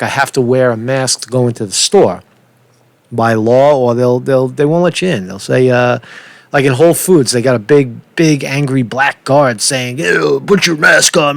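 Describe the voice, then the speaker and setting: A man's voice: medium pitch, dry recording. A man hosting a casual livestream, rambling and sarcastic, with lots of cursing. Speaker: channel host.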